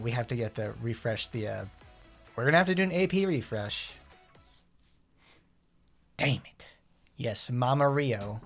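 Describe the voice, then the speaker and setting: A man giving casual gameplay commentary as a streamer, rambling, excitable and often correcting himself. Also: mid-range voice, a little slow, long pauses, faint music behind. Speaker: gaming streamer.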